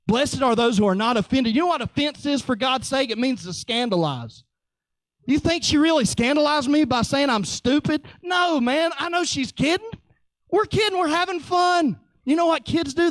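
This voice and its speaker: A man preaching a conversational sermon, joking, teasing and telling animated stories. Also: extremely high pitch, normal speed, dry recording.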